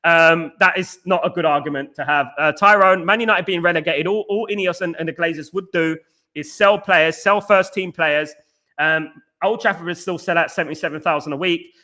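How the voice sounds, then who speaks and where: Animated man with a bright, high voice. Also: fairly quick. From East London. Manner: animated, argumentative, repeats "at the end of the day"; addresses chatters by name. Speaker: podcast host reading live chat. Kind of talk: casual live-stream commentary.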